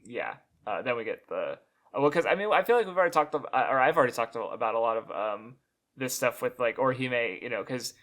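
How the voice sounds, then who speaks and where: A male guest in a casual discussion, talking haltingly with many fillers and restarts. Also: mid-range voice, animated, a bit bright.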